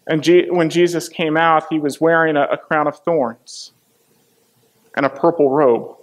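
A man's voice: on the high side, moderate pace, fairly bright tone. A man preaching a sermon, retelling a Bible story and acting out its quoted lines with dramatic emphasis.

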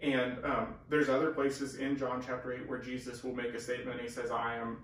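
A man's voice: mid-range voice, completely flat delivery, brisk, fairly bright tone. Earnest man teaching scripture, echoey room. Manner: earnest, emphatic, with restarts. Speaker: co-host of a Bible teaching talk. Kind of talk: conversational Bible teaching. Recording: echoey room from far off with faint hiss.

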